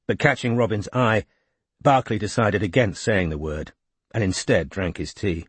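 Husky low-voiced male audiobook narrator. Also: no room sound. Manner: measured, even reading. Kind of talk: scripted narration.

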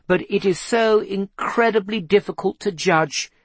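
A man reading aloud, voicing a composed, thoughtful woman investigator in an earnest, measured way. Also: high-pitched, breathy edge, dry recording, voice pushed up.

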